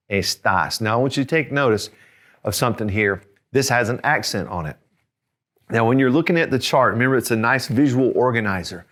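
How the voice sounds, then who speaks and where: A man teaching a Spanish grammar lesson, patiently repeating words, spelling them out slowly and often checking in with "okay?". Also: on the low side, a bit bright. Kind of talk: classroom-style grammar lesson.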